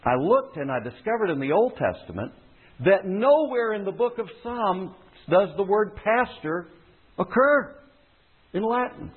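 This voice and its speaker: Male pastor, lively teaching sermon, husky, thin phone-like sound. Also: sits high, measured pace. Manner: teaching, explanatory, repeats phrases for emphasis.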